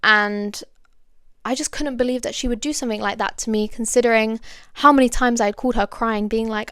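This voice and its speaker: A woman's voice: fairly high pitch, steady tone, fairly quick, a bit bright, clear, resonant tone, dry recording, studio quality. A young woman hosting a podcast, telling a personal story in a candid, confiding way with many fillers and asides to her listeners. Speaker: podcast host.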